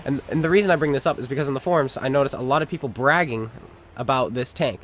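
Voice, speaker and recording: A man's voice: medium pitch, quick pace, fairly bright tone, a little hiss or hum. A man giving sarcastic, joking commentary over a tank game, talking to enemies and viewers as he plays. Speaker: gaming commentator. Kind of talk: casual gameplay commentary.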